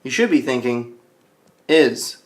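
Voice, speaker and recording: A male ESL teacher walks learners through a grammar point. He talks in a playful, patient way, speaking slowly and clearly at a middle pitch. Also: expressive. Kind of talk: grammar lesson for English learners.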